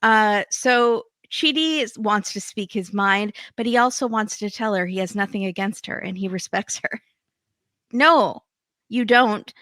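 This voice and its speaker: A woman's voice: medium pitch, moderate pace, a bit bright, dry recording. A woman hosting a podcast, chatting casually and with strong opinions about a reality TV episode. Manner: opinionated, quips, acts out quotes. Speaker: podcast host. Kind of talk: casual chat recapping reality TV.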